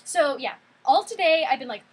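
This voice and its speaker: An eighteen-year-old woman telling a story in a casual vlog, excitable and gushing, saying "like" constantly. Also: high voice, moderate pace, slight background noise. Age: 18, college student. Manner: excitable, gushing, heavy use of "like". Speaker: vlogger.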